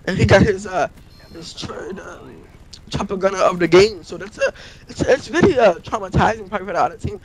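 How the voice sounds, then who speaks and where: Male gameplay commentator, high voice; profane, broken-grammar rambler, endless "you know". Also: animated, fairly quick, breathy edge, poor audio. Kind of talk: rambling comic storytelling over gameplay.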